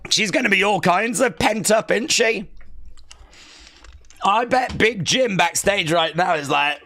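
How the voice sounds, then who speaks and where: Young Aussie streamer, high bright voice, unhurried chat between cheers. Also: male voice, slight background noise. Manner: screams and cheers, reads chat aloud. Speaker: live stream host. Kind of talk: excited wrestling watch-along.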